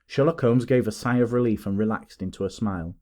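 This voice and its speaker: A man reading a classic novel aloud as an audiobook narrator, in an expressive storytelling way. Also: fairly low pitch, quick pace. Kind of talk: scripted narration.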